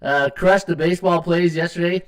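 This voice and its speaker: A man's voice: high-pitched, steady tone, moderate pace. A middle-aged man hosts a live sports betting podcast, rambling with many fillers and reading viewer comments aloud. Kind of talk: casual live-stream chat.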